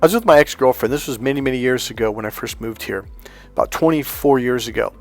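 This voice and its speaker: A man coaching in a motivational talk, emphatic and animated as he tells personal stories. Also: medium pitch, fast, faint music behind. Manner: emphatic and animated, often acting out other people's lines. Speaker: life and dating coach.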